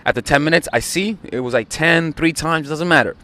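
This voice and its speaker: Male dating coach, voice a bit high, earnest and insistent, stumbles over repeated words. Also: brisk. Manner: repeats words often when excited. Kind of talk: advice video to camera.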